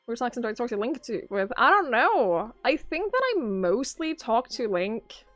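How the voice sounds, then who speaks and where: A woman's voice: a little high, sing-song, moderate pace, no echo, soft background music. A young Norwegian woman with a Norwegian accent in English, chatting casually with her live-stream viewers and reading their messages aloud. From Norway. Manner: chatty, musing aloud, swears casually, reads chat aloud. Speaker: game streamer.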